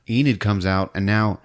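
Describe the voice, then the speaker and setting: A man hosting a podcast, recapping a movie in a casual, giggly storytelling way. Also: on the low side. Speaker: podcast host.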